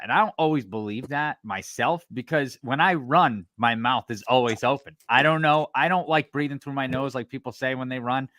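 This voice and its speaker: Co-host, male, mid pitch, chatty, dry close sound. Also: moderate pace, hardly any pauses, a bit bright, no echo. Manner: chatty, mimics commentators. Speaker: podcast co-host. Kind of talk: casual interview.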